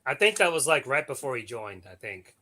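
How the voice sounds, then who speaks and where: A mid-range male voice, speaking fairly quickly with a crowd audible behind him. He co-hosts a casual chat show, spinning stories in coarse slang as an animated storyteller who laughs a lot.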